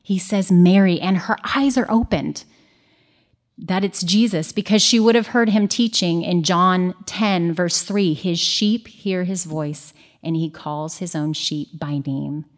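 A woman reads scripture aloud and then teaches on it in an earnest, conversational way. Her voice sits a little low, and she breaks into everyday asides from family life. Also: a little slow. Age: young adult or middle-aged, married mother. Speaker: Bible teacher. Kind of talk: Bible study teaching.

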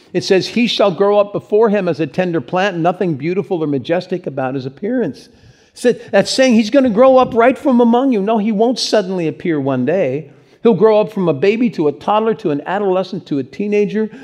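A man preaching a sermon, animated and talking straight to his congregation with rhetorical questions. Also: high voice. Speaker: pastor.

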